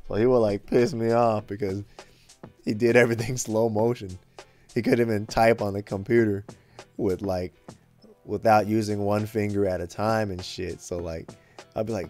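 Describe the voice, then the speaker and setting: A man's voice: on the low side, steady tone, moderate pace, a little mellow, faint music behind. A young man casually telling a rambling retail story, slangy and full of swearing and fillers.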